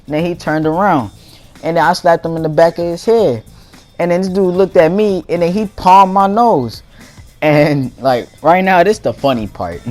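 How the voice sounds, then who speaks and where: A young man running a gaming channel tells a story over gameplay, laughing along in casual, slangy speech. His voice is a little high with a darkish tone.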